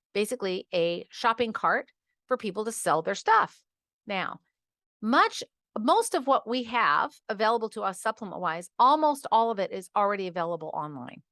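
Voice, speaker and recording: A middle-aged woman hosting a podcast, ranting in an animated, exasperated way and acting out patients in quoted asides. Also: medium pitch, moderate pace, dry recording, studio quality. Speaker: podcast host. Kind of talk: casual podcast monologue.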